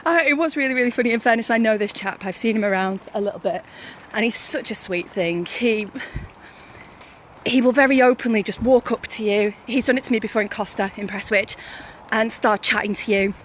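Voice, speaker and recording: High-voiced, laughing woman vlogger. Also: a little fast, slight background noise. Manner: chatty, laughs often while telling stories. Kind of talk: casual live-stream storytelling.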